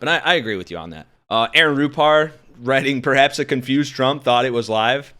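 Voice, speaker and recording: A man in his thirties hosting casual political commentary, talking straight to his viewers, animated and profane. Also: mid-range voice, a little fast, few pauses, clean tone. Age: 30s.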